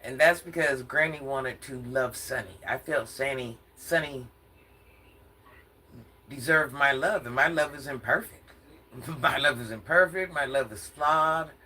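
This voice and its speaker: A woman's voice: rumbling low, unhurried, sharp tone, husky. An older woman from Atlanta ranting casually in a sassy, confrontational vlog, often laughing as she talks. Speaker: social media commentator.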